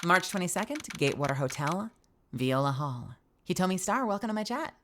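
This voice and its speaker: A woman's voice: on the low side, very animated, brisk, background noise. A woman streaming a game playthrough, playful and joking, swearing casually as she plays. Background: game music.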